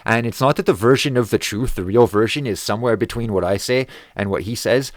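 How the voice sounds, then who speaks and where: A man's voice: on the low side, brisk, hardly any pauses, dry recording, studio quality. A man telling an angry story to camera in a heavily profane, heated rant. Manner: grows loud and agitated. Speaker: vlogger.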